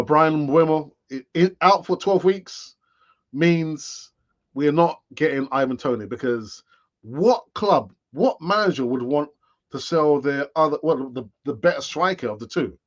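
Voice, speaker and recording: A man's voice: a little high, lo-fi sound. A man in his late fifties hosting a casual live-stream football chat, rambling with sighs and asides. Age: late 50s. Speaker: football fan channel host.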